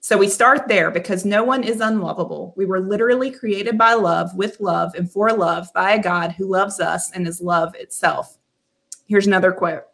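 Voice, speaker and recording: A woman's voice: medium pitch, moderate pace, gravelly, a bit bright. A woman co-hosting a casual Christian podcast discussion, talking earnestly and reading quotes aloud carefully. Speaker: podcast co-host.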